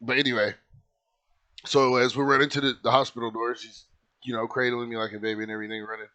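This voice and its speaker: Young man, bright-toned, casual storyteller who rambles and swears. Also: mid-range voice, level tone, fast talker. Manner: rambling, lots of filler likes, swears freely.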